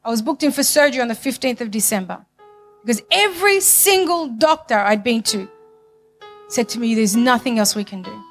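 A woman giving a passionate church testimony, emphatic and repetitive, swinging from loud to hushed. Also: fairly high pitch, expressive, fairly quick, faint music behind.

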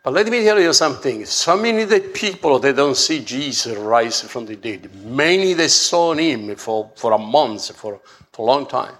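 A man preaching a sermon, halting and often repeating words as he restarts his phrases. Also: mid-range voice, expressive, fairly bright tone.

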